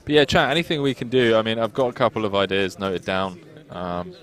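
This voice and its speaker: A man's voice: on the low side, fairly even intonation, a little fast. A British man co-hosting a live poker stream, trading jokes with his partner and reading out chat messages. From United Kingdom. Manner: joking banter, reads chat messages aloud. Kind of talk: casual stream banter.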